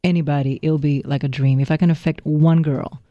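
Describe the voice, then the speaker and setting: A woman's voice: low-pitched, fairly even intonation, no echo, muffled recording. A young woman co-hosting a casual chat with her partner, playful and dramatic, speaking English as a second language. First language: not English. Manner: playful, dramatic storytelling, quick to laugh. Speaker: podcast co-host.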